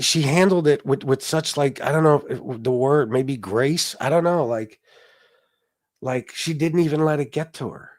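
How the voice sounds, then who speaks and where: A man hosting his own talk show, speaking casually and emotionally, rambling with restarts, asides and the odd swear word. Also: fairly high pitch. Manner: profane. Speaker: political talk show host. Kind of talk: casual live-stream talk.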